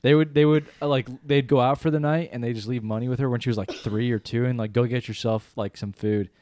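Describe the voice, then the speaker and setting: A man's voice: mid-range voice, little pitch movement, fast, darkish tone, no echo, studio quality. Laughing, swearing man in casual chat. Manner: laughs often mid-story, swears casually. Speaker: podcast co-host.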